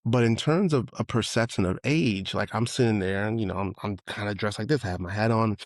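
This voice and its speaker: A man in his forties from Brooklyn speaks with a New York accent in a low, easygoing voice. He rambles through a personal story and jumps up in pitch when he acts out what other people said. The recording is dry and close, with no room sound. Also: fairly quick, dry recording. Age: 40s. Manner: loose, conversational, acts out quotes with excited higher voice. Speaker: podcast host. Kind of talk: reflective casual storytelling.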